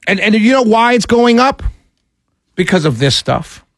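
A man's voice: high voice, big pitch swings, moderate pace, fairly bright tone, no echo, studio quality. A man giving ranting commentary to his audience, exasperated and incredulous, often stammering and laughing in disbelief. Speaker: political commentator.

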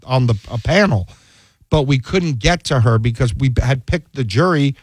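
A man's voice: medium pitch, normal speed, slightly rough, dry recording. A man, a defense attorney, telling stories in a casual chat and acting out the dialogue he quotes. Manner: animated storyteller, acts out quoted dialogue.

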